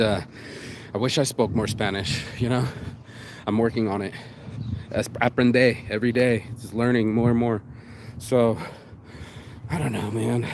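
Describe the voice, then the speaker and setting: A man with a fairly low voice films himself walking through the rain on a street, against a noisy background. Shaken from crying, he delivers an emotional, rambling monologue that's raw and laced with profanity.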